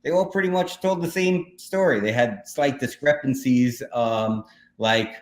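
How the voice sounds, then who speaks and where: A man's voice: medium pitch, a little slow. A man casually telling a story on a livestream, rambling with many fillers while he clicks through slides. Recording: echoey room with faint noise.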